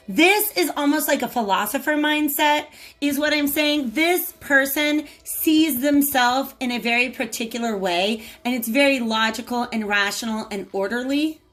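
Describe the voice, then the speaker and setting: A woman's voice: a little high, fairly bright tone. A woman giving a casual tarot reading, chatting to viewers and talking to the cards as she goes. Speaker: tarot reader.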